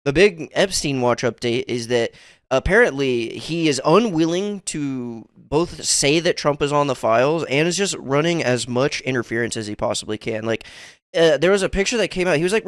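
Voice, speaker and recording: This podcast co-host has a medium-pitched, expressive voice and talks a little fast. In a casual chat, he rambles with plenty of fillers and swearing, and the recording is dry with clean studio sound.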